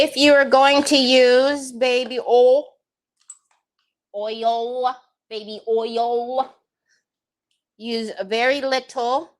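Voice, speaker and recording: A woman chatting her way through a crafting livestream, with a voice that sits a bit high. She takes her time, unhurried between phrases, and is excitable and playful, talking to herself as she works. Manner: chatty and excitable, thinks aloud. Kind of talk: casual crafting livestream chat.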